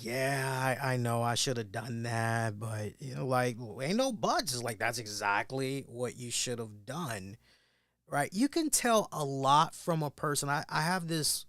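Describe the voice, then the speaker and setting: A man hosting a wrestling review show, telling a story in an animated way and acting out the people in it with loud bursts. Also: mid-range voice, moderate pace, no room sound. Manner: emphatic, acts out quoted voices with loud bursts.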